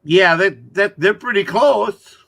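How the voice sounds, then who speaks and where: An easygoing man from Wisconsin chats and jokes casually. His voice is bright and fairly high. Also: slow, creaky, no room sound. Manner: easygoing, joking. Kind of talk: casual chat.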